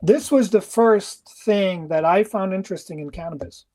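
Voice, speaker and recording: A man's voice: high-pitched, moderate pace, a little mellow. A man hosting an interview, thoughtful and searching for his words as he explains. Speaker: host. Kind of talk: casual interview.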